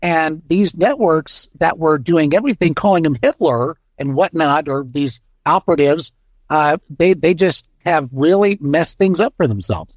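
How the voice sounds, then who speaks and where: Folksy American co-host, slightly high voice. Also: male voice, expressive, moderate pace, no room sound. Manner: casual, folksy, agreeable, filler-heavy. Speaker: radio co-host. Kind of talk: political talk radio chat.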